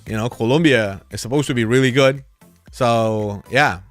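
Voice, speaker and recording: A man's voice: mid-range voice, normal speed, faint music behind. A middle-aged man, host of a crypto channel, telling casual stories with frequent laughter and swearing. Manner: excitable, laughs often, swears freely. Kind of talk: casual storytelling.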